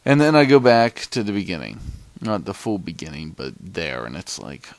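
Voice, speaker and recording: A man's voice: fairly low pitch, sing-song, normal speed, no room sound. A man casually narrating his gameplay in a chatty, rambling way.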